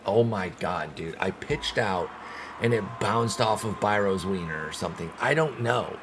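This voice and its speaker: Gaming streamer, male, deep voice; relaxed play-by-play that flips into exasperated outbursts. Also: moderate pace, noisy background. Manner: animated, swings from calm calls to loud outbursts and groans. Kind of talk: casual play-by-play of a baseball sim.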